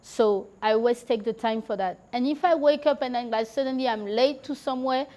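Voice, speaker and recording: A woman with a slightly high, dark-toned voice talks fairly quickly as a podcast guest. She chats casually and tells stories, leaning heavily on "like" and "you know" and laughing now and then.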